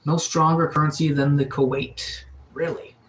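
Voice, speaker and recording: A man's voice: fairly high pitch, flat delivery, moderate pace, fairly bright tone, a little hiss or hum, low-quality recording. A man from Atlantic Canada with a cold, casually reading out and answering chat comments on a live stream. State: has a cold. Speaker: livestreamer. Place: sunroom.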